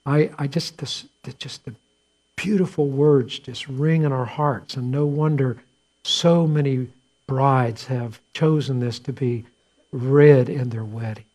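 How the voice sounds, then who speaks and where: A man preaching a sermon as a pastor, telling the story conversationally with restarts and shifts between quiet asides and louder points. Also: mid-range voice, measured pace. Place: church.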